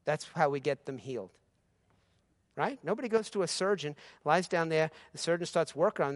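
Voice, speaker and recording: A man preaching a sermon as pastor, moving between easy conversational talk and loud, rising exhortation. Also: on the high side, fairly quick, no room sound.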